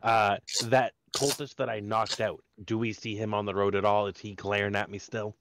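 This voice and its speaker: A man's voice: lowish voice, level tone, normal speed, background noise. A man playing in a tabletop game, talking bluntly and casually. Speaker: player.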